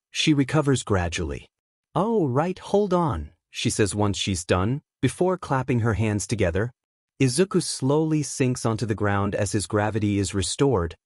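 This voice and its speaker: Man, steady story narration, mid pitch, dry close sound. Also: no room sound. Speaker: fanfic narrator.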